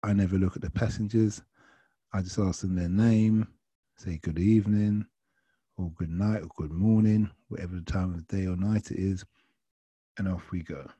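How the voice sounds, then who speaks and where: A man tells a casual anecdote from his taxi driving, chatty and quoting his passengers. His voice is very dark and a bit husky, recorded dry and close. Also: low-pitched, fairly even intonation, moderate pace, no echo. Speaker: taxi driver telling a story. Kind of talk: casual storytelling.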